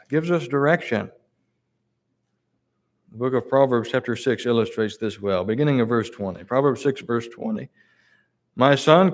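A man delivers a sermon in an ordinary, mid-range voice. He reads scripture aloud, pauses on verse numbers and repeats key words to drive them home. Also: mid-range voice. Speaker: preacher.

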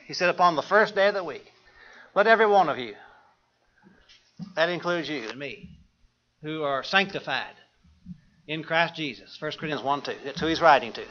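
Man, preacher, sermon, bright forceful tone, slightly high voice, muffled lo-fi sound. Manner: asks the congregation questions, quotes scripture.

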